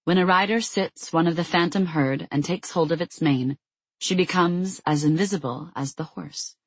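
A narrator voicing a calm warrior woman who speaks in a low, soothing murmur. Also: normal speed, slightly rough, no echo. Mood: gentle.

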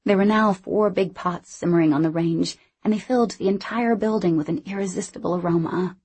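Husky woman reading a novel. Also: lowish voice, a little mellow. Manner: measured, reflective. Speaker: audiobook narrator. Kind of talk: scripted first-person narration.

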